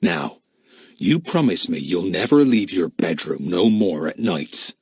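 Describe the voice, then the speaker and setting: A man's voice: low voice, very animated, breathy edge, dry recording, studio quality, pitched below the performer's own voice, exaggerated voice. A man doing a cruel, growling brute. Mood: menacing. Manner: growling, slow menacing drawl. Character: threatening burly grown man, cruel and spiteful.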